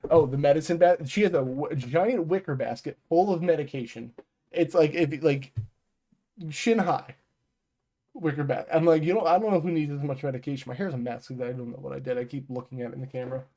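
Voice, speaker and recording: A man's voice: on the high side, brisk, mellow. A man co-hosting a podcast from home, telling rambling, profane stories about his workday and often losing his train of thought. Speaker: podcast co-host. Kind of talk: casual storytelling chat.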